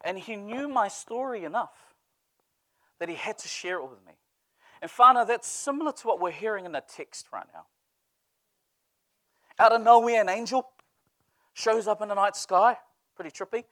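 A man's voice: high-pitched, moderate pace, long pauses, no echo. A man preaching a sermon, telling stories with humor. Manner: lively storytelling with humor. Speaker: pastor.

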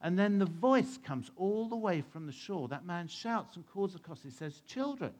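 A man with a voice that sits high tells an animated Bible story to children at a moderate pace. He asks them questions and acts out the scenes as he goes.

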